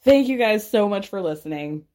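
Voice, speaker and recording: A young woman recapping reality TV in a casual, expressive way, laughing often and swearing freely. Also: mid-range voice, normal speed. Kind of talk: animated casual recap, quoting cast members.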